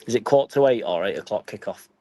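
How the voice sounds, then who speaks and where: Sweary Yorkshire lad chatting with live chat. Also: male voice, fairly low pitch, lively intonation, fast talker, mellow, poor audio. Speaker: football fan vlogger. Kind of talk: casual live-stream chat.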